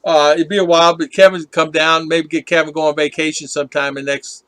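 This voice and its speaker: A man's voice: on the high side, level tone, fast, a bit bright, smooth, dry recording. Chatty man hosting a live stream. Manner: rambling, reads viewer comments aloud, laughs often. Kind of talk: casual live-stream chat with viewers.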